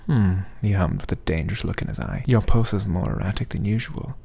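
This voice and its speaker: A man with a low, gravelly voice reads a story aloud, and his pitch swings widely as he performs it. His delivery is theatrical and expressive. He narrates each line for dramatic effect. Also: a little fast. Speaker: story reader. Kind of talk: dramatic reading of fan fiction.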